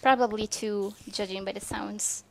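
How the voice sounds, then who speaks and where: A woman's voice: medium pitch, fairly even intonation, moderate pace, gravelly, slight background noise. A woman with an accent chatting playfully and dramatically while playing a game with friends. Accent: non-native English accent. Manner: playful and theatrical, gasps and exclaims. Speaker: gamer on a team. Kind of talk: casual let's-play chat.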